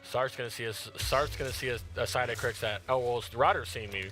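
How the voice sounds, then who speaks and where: Tired excitable male gamer over music. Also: medium pitch, a little fast. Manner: excitable, slangy, yelps and squeals when startled. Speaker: gaming streamer. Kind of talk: live gameplay commentary.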